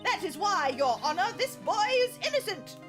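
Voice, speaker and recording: A woman's voice: very high voice, big pitch swings, normal speed, pitched above the performer's own voice. Woman putting on a prim British schoolboy. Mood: haughty. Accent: put-on British. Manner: lofty, scolding. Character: prim, stern little boy lawyer. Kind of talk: game dialogue read aloud. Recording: music playing underneath.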